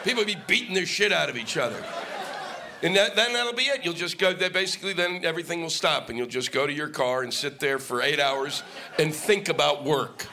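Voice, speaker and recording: A man's voice: on the high side, a little fast, bright, forceful tone. A middle-aged male stand-up comic on stage, ranting in a sarcastic, profane way. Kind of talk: stand-up comedy set. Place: comedy stage before a live audience.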